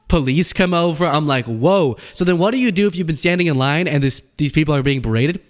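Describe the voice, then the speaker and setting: A man's voice: fast, few pauses. A young man hosting a casual political commentary show, telling stories and acting out the people in them. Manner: animated storytelling, acts out quoted people in high voices.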